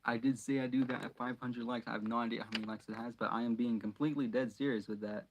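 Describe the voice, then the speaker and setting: A man's voice: mid-range voice, fairly even intonation, fast talker, a little hiss or hum. Chatty young man reading aloud. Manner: chatty, jokey asides to viewers. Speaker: reader and channel host. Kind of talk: casual storybook read-aloud.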